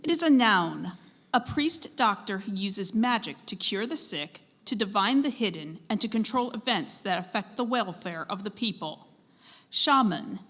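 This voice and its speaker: A woman serving as a spelling bee pronouncer, reading words and definitions clearly and encouraging the contestants. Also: medium pitch, lively intonation, moderate pace, a bit bright. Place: school event hall. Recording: echoey hall with long reverb.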